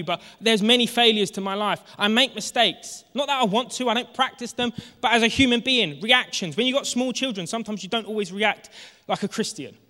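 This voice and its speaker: A fervent preacher in his thirties delivers a sermon in a high, bright voice. He drops to near-hushed tones, then climbs to shouting. The sound carries the long reverb of a large hall. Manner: impassioned, swings from hushed to shouting. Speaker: pastor.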